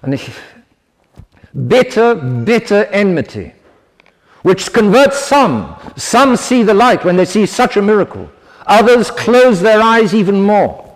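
A man's voice: sits high, very animated, unhurried. A man preaching a sermon to seminarians, earnest and emphatic, often stopping to restart a phrase. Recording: long hall reverb.

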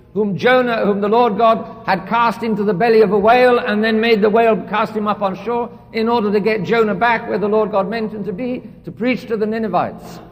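A man's voice: high-pitched, big-room sound. A man preaching a sermon, earnest and repeating phrases for emphasis.

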